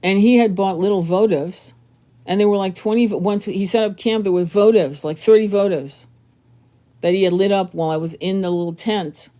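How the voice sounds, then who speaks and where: A woman's voice: mid-range voice, normal speed, dark tone. A woman tarot reader giving blunt, profane relationship advice in a casual monologue.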